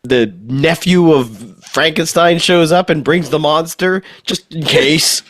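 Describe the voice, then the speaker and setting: Male co-host, high voice, playful and halting, dry sound. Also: fairly bright tone, no echo. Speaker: podcast co-host. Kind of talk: casual comic book review chat.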